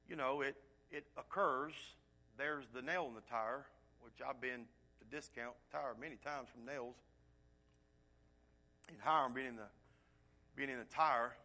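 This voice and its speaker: A man preaching a sermon, moving between loud emphatic points and quiet, hushed asides. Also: fairly high pitch. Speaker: pastor.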